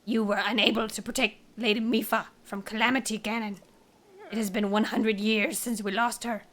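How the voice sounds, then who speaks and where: A woman doing a fervent young male soldier of a fish-like folk, all bluster and pride. The voice is bright and ringing, and he declares his own name with grand ceremony, as game dialogue read aloud. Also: mid-range voice, flat delivery, moderate pace, a little hiss or hum, natural voice. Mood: boastful.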